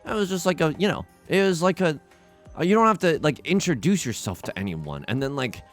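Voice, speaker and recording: A man's voice: a little high, very animated, brisk, soft background music. A young man hosting a let's play, chatting casually and mock-outraged at his luck in a self-deprecating way. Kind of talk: casual gameplay commentary.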